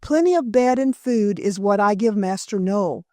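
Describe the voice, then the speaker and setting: A woman's voice: mid-range voice, expressive, moderate pace, warm tone, dry recording, studio quality, close to an everyday voice. A woman voicing a rosy-faced, bossy little old housekeeper with rustic country speech. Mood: fussing, bossy.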